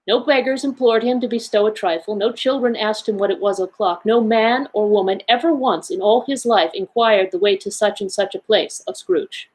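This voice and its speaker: A woman, a library associate, giving an expressive, measured read-aloud of a classic story. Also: fairly high pitch, poor audio.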